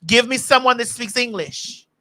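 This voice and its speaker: Brash, profane woman host, bright forceful voice, animated storyteller. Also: a little high, normal speed. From Florida. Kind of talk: casual chat.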